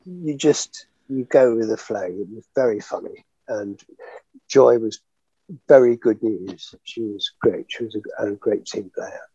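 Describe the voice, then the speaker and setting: An older actor reminiscing in an interview, telling animated stories with frequent laughter and fillers. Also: male voice, on the low side, unhurried, gravelly, husky, dry recording, dull audio. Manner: chatty, animated storyteller, laughs often, many fillers. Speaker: actor guest.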